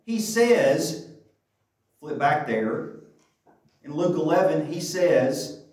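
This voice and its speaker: A man's voice: on the high side, lively intonation, slow, a little mellow. A man preaching a sermon in a church, talking conversationally and asking rhetorical questions. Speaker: pastor. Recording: very echoey, distant mic.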